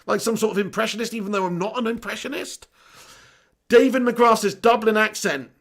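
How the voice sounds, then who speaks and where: High, gravelly man chatting on a stream. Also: brisk, a bit bright. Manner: jokey, laughs often, self-mocking. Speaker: live-stream host. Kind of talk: casual live-stream chat reading comments.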